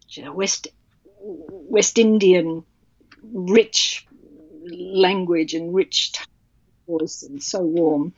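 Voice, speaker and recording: A woman author telling a personal story in an interview, halting and emotional with many restarts. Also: lowish voice, darkish tone, dry recording. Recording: dull, dry sound.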